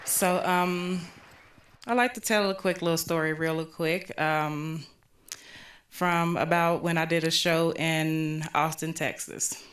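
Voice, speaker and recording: A woman doing stand-up, telling a story in a relaxed, rambling way with many ums and you-knows. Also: low-pitched, takes it slowly. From Colorado, US. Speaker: stand-up comedian. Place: recording studio.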